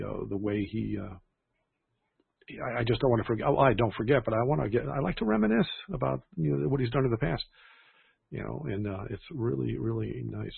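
A man's voice: lowish voice, creaky, breathy edge, dry recording. A man hosting a church livestream in a casual, rambling way, often restarting his sentences. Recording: tinny phone-like sound.

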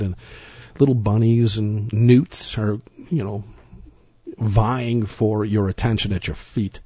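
Husky male preacher, lowish voice, dry dull lo-fi sound, emphatic and rambling. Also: dark tone, dry recording. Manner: emphatic, rambling, repeats words and restarts. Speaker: Bible teacher. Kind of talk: sermon-style Bible teaching.

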